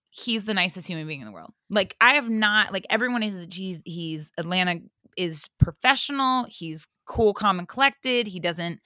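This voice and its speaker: A young woman hosting a podcast, telling a story in casual chat, animated, full of fillers and swearing. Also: medium pitch, dry recording, clean studio sound. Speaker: podcast host.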